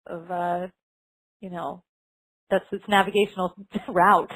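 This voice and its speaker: A woman's voice: fairly low pitch, fairly even intonation, unhurried, fairly bright tone, no room sound, rough recording. A woman co-hosting a podcast, chatting with enthusiasm and frequent giggles about a TV episode. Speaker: podcast co-host. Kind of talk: casual chat recapping a TV episode.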